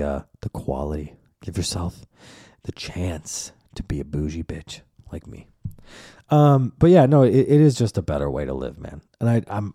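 A man's voice: deep voice, mellow, no echo, clean studio sound. A man hosting his own podcast, talking in a rambling, profane, casual monologue. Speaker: podcast host.

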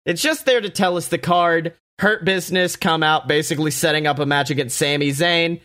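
A man hosting a casual podcast, talking excitedly and profanely with lots of laughter and mock quotes. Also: on the high side, fairly quick. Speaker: podcast host. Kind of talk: casual wrestling podcast chat.

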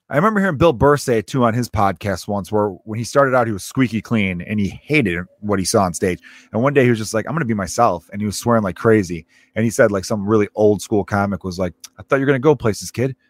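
A young man hosting a comedy podcast, talking in a profane, rambling monologue with jumpy pitch. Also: dry recording.

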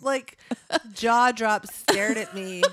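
Middle-aged mom cohost joking around in a casual chat, dry close sound. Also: female voice, fairly high pitch, slow, a bit bright, no echo. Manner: teasing, playful, jokey slang and puns. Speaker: podcast co-host.

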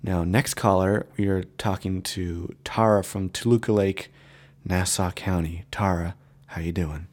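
A man putting on the voice of a smooth late-night radio DJ, low and hushed, crooning his lines. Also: fairly even intonation, measured pace. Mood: sultry. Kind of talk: mock radio announcing.

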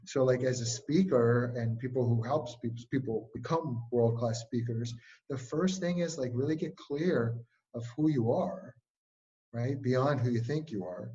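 A man's voice: mid-range voice, measured pace, muffled recording. A man talking casually as an interview guest and speaking coach, telling stories with lots of filler words. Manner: energetic storytelling, frequent "like" fillers.

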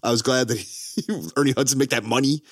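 A man's voice: mid-range voice, a little fast, no room sound, clean studio sound. A man co-hosting a podcast, telling stories with lots of laughter in casual chat. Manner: animated storytelling, laughs often, swears.

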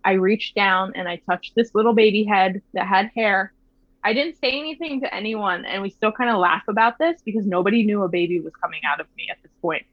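Soft-spoken woman telling a personal story. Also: medium pitch, a little fast, no room sound. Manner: soft, reflective, with many fillers. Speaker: mother telling her birth story. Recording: slightly dull, dry sound.

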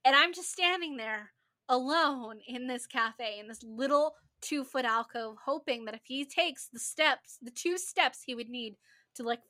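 A young woman with a slightly high voice and a sharp tone co-hosts a podcast. In a casual chat, she tells a story from work, repeating things for emphasis and swearing casually.

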